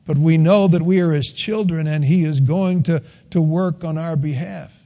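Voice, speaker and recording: A man's voice: fairly high pitch, normal speed, dark tone. An older man preaching a sermon, telling folksy stories and rising to earnest emphasis. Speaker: pastor.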